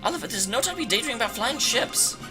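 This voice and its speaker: A man putting on a high girl's voice for a bossy, sharp-tongued young companion in a video game. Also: expressive, rapid-fire. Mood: scolding. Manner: high put-on girl voice, scolding. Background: game music.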